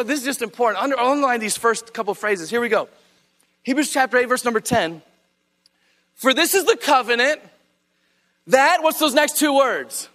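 A man preaches a sermon in a very high, bright voice. He reads scripture aloud emphatically and keeps urging his listeners to underline the key phrases. His voice carries a long reverb from a large church hall.

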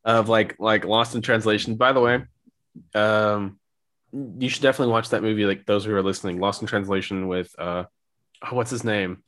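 A man's voice: fairly low pitch, steady tone, normal speed, fairly bright tone. A young man co-hosting a podcast, talking casually and rambling with lots of filler words. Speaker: podcast co-host. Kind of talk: casual chat.

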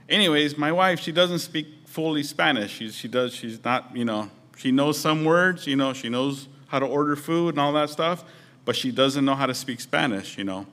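A man's voice: medium pitch, a bit bright. A man preaching a sermon as pastor, conversational and storytelling with touches of humor.

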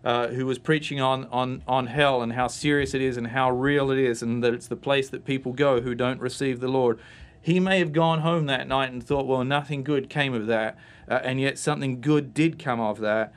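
A man's voice: medium pitch, fairly even intonation, moderate pace, smooth. A man from Australia, a guest giving a storytelling personal testimony on a church talk show. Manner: storytelling, acts out voices in his anecdotes.

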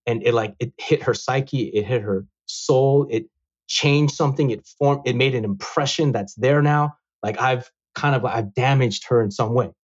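A man's voice: mid-range voice, slightly rough, highs cut off. A man in his thirties, a guest speaking in an earnest, reflective way with many fillers in casual interview talk.

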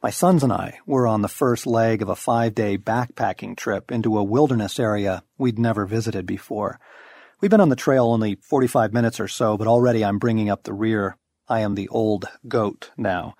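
A man's voice: lowish voice, moderate pace, a little mellow, no echo, clean studio sound. A middle-aged man reading a devotional book aloud, with wry, storytelling emphasis. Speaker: audiobook narrator. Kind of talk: scripted devotional narration.

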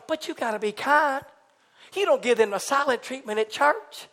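A man preaching a sermon in a church service, animated and folksy, swinging from loud exclamations to hushed asides and talking back and forth with the congregation. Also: very high-pitched, normal speed.

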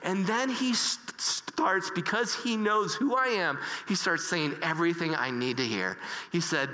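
A man's voice: high-pitched, pushed and bright. Earnest man telling a story in a hall. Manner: halting, many restarts and fillers; earnest and emotional. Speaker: speaker. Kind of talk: personal storytelling talk. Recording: reverberant hall.

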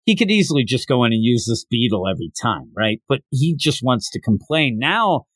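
Co-hosting a manga review podcast, a man casually retells a story, acting out the characters' lines with a raised pitch. He speaks fairly quickly with a breathy edge, and there's no echo.

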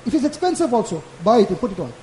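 A South African maulana delivers a Friday lecture in a very high, lively yet mellow voice, speaking very fast and casually while hammering each point home through repetition. The echoey sound suggests a mosque hall, with a little hiss or hum.

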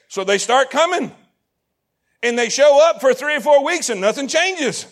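Man, pastor, sermon in a church, very high voice, animated, repeats and shouts lines. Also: moderate pace. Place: church sanctuary.

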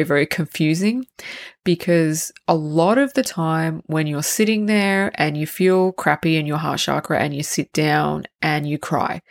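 A woman hosting her own solo spiritual podcast, talking candidly and rambling, with casual swearing and frequent restarts. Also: on the low side. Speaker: podcast host.

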